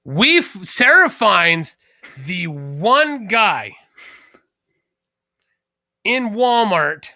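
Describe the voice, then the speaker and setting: High, bright-voiced man telling rambling stories. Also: very animated, extremely slow, pauses often, no echo, clean studio sound. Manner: rambling storyteller, restarts and throat-clearing. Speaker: podcast co-host. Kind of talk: casual chat.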